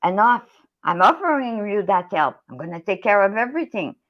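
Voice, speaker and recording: A middle-aged woman with a French Canadian accent rants angrily on a live stream, her medium-pitched voice very animated and brisk over lo-fi sound. Heated and swearing, she keeps tacking "okay?" onto her sentences.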